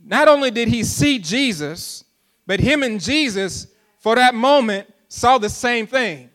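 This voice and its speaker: A man preaching a sermon as pastor, repeating lines with rising emphatic calls and dropping low and soft between them. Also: lively intonation, measured pace.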